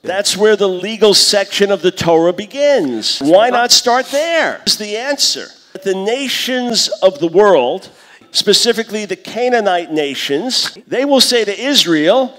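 A man in his fifties with a high-set voice delivers a conference lecture on scripture. He teaches in a lively way and slips into the voices he quotes. His words ring out with a long reverb off a large hall. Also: normal speed. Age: 50s. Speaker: conference speaker.

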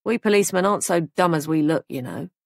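A woman's voice: lowish voice, expressive, creaky, a little mellow, no echo, studio quality. A woman doing a smug, menacing young man. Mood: cold. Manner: slow, smug and coolly menacing. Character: young man posing as police sergeant, menacing.

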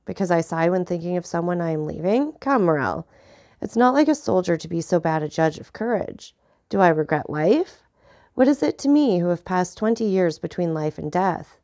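A woman voicing a grave, vengeful nobleman who speaks in a measured, solemn way. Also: on the low side, lively intonation, darkish tone.

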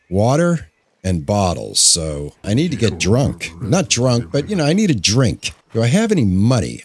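A man's voice: lowish voice, slightly rough, dry recording. A man casually commenting on a farming game as he plays, chatty and jokey, talking to himself and the characters on screen. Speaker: gamer playing through a farming game.

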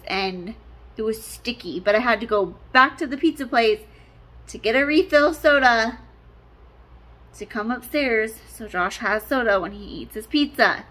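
In a hotel room, a mom of twins who vlogs about her family rambles through a casual story for the camera, saying "like" constantly. Her voice sits on the high side and is a bit bright.

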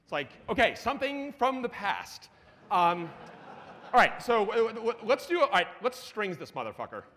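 A man giving a live lightning talk at a conference while demoing a terminal, excitable and profane, with rapid asides. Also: sits high, slight background noise. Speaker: conference speaker. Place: conference hall. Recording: reverberant conference hall.

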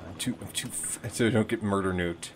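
A man's voice: lowish voice, a little fast, slight background noise. A man giving casual, jokey commentary while playing an online game, with mock-dramatic outbursts and swearing.

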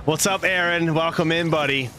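A man's voice: a little high, steady tone, moderate pace, sharp tone, a little hiss or hum. A man hosting a stream and adding playful, jokey color commentary, greeting viewers along the way.

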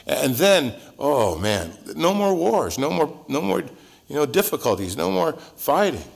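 A male pastor teaching through a Bible passage verse by verse in a relaxed, joking, conversational way, his voice swinging up and down. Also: a little slow, gravelly. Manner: conversational and joking, with wide swings in pitch and loudness.

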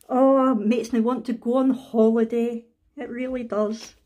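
A Scottish woman in a casual craft unboxing vlog, excitable and gushing, with frequent gasps and delighted exclamations. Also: a little high, normal speed. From Scotland. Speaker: craft vlogger.

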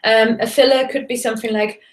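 A woman with a somewhat high voice teaches German in a relaxed live webinar, trading English explanations for German examples. Her talk is loose and chatty, full of fillers and restarts. The sound carries a roomy echo. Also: brisk.

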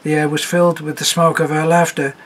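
A man reading a story aloud as narrator, in a measured, even manner. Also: fairly high pitch, slight background noise, rough recording.

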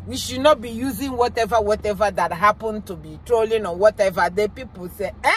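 A woman's voice: medium pitch, brisk, few pauses, a little hiss or hum. A young Nigerian woman chatting in a casual vlog from inside her car while driving, exclaiming often and slipping into pidgin. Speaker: vlogger. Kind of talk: casual commentary.

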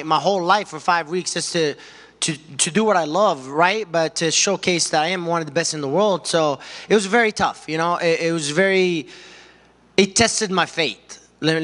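A man who fights professionally, talking excitedly and rambling in a post-fight interview. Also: a little high. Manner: excited, rambling with lots of "you know". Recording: long hall reverb.

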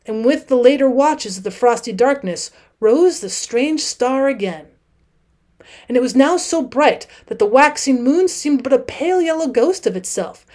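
Woman reading a classic story aloud. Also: sits high. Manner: measured, expressive reading with dramatic pauses. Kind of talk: audiobook narration.

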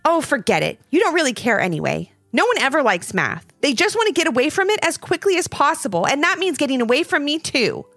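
A woman's voice: high-pitched, big pitch swings, fast talker, hardly any pauses, fairly bright tone, no echo, soft background music, voice pushed up, full character voice. Mister Minus, a smug grumpy ruler, as a woman reads him. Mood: sulky. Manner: smug, snappy, then sulky. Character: smug grumpy math-world ruler, lonely man.

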